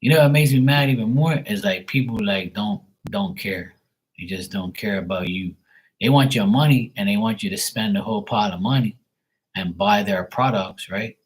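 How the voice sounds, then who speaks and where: Ranting, cursing man with a lowish voice. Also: moderate pace, slightly rough, poor audio. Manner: irritated, profane, ranting. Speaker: livestream tarot reader. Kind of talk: casual livestream rant.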